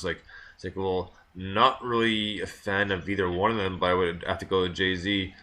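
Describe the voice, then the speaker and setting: A man's voice: on the low side, steady tone, fairly quick, sharp tone. A man hosting a music radio show, telling rambling stories with many restarts and laughs. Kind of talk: casual chat.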